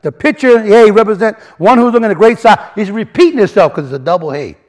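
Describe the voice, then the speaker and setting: A man delivering a sermon, talking his congregation through word meanings. His voice sits high and moves with wide swings of pitch. He often restarts phrases and leans into key words. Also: fast. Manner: animated, repeats and restarts, rising emphasis, colloquial grammar. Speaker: preacher. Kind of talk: sermon teaching from word studies.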